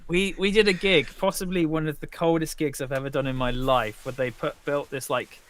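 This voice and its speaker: British musician guy on a video call, bit higher voice, rambly, laughs at himself. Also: steady tone, a little fast, noisy background. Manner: rambling and self-deprecating, laughs often. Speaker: musician guest and co-host. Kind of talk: casual chat on a livestream.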